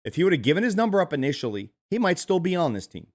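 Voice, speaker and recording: A man's voice: fairly high pitch, very animated, rapid-fire, a little mellow. A man hosting a sports podcast, teasing his co-hosts in casual banter and steering the talk. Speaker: podcast host.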